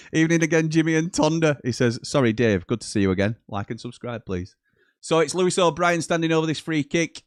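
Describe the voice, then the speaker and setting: A medium-pitched man hosts a live football watchalong at a moderate pace, chatty throughout and reading out viewer messages between bits of commentary. He becomes excitable at goals. It's studio-quality audio with no room sound.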